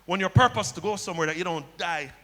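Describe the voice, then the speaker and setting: This male pastor talks fast, his bright, forceful voice sitting high as he preaches. He weaves stories into the sermon and echoes key phrases back to his congregation, all carried by the long hall reverb of a church sanctuary.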